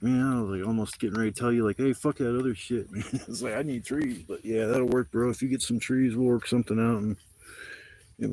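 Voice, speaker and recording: A man's voice: on the low side, dark tone. Laid-back, profane man streaming outdoors. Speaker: livestreamer. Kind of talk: casual rambling storytelling. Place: outdoors at a campsite in the rain. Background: faint rain.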